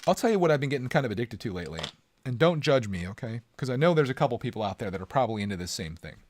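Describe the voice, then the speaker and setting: A man's voice: medium pitch, very animated, very fast, a little hiss or hum. A man hosting a casual live stream from home, joking around and chatting with his viewers.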